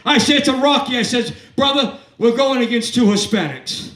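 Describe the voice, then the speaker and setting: A man in his fifties with a very high, animated, fairly bright voice performs a stand-up set at a comedy club at a moderate pace. He tells crude, rambling stories and works the crowd, captured from a distance in an echoey club.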